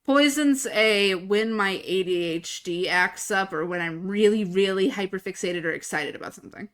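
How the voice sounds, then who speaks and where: Speaking at a moderate pace in a mid-range, slightly bright voice, a young woman streamer rambles through casual live-stream chat. She swears freely and uses a desk microphone.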